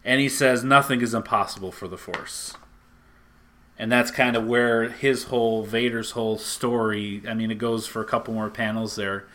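Bright-voiced man retelling a comic story. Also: fairly low pitch, normal speed. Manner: animated storyteller, acts out lines.

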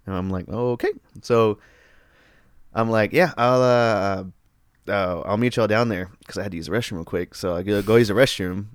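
A man telling a story in casual chat, animated and profane, laughing often. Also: lowish voice, normal speed, smooth, no room sound, studio quality.

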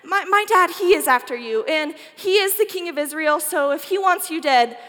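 A woman voicing a young man, loud and high-pitched, talking urgently to his best friend. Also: very animated, moderate pace, in a large hall, heavily acted.

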